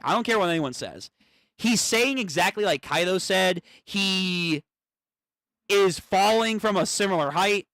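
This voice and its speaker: A man streaming a live manga reaction, thinking aloud, swearing and getting excited as he reads. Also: high voice, unhurried, no room sound, studio quality.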